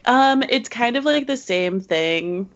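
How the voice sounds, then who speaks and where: A woman's voice: a little high, animated, takes it slowly. A woman co-hosting a casual podcast, chatty and teasing, laughing often as she talks. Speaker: podcast co-host. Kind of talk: casual chat. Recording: dull lo-fi home recording.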